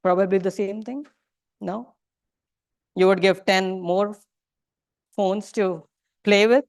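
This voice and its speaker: Smooth-voiced woman teacher. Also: medium pitch, steady tone, slow, a little mellow, dry recording, studio quality. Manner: questioning the audience, mixing in Hindi phrases. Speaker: religious teacher. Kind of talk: interactive lecture to a class. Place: temple lecture room.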